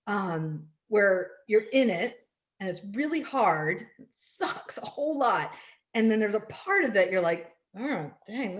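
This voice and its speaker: Brief: middle-aged woman coach, earnest workshop delivery, lively when she acts out dialogue. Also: mid-range voice. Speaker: life and laughter coach. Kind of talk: online workshop talk.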